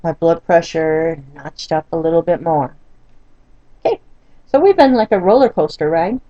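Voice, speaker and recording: A woman's voice: lowish voice, expressive, moderate pace, mellow, dry recording. An older woman vlogging from a doctor's waiting room, telling an exasperated, wry story to her camera. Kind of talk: venting personal story to camera. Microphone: phone or camera recording herself. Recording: dull, lo-fi and dry.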